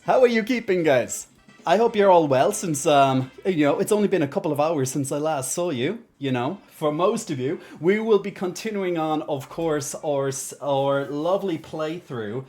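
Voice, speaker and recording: A woman's voice: sits low, animated, a little slow, a little mellow, faint music behind. A woman streamer chatting casually on a game livestream, giggly and rambling.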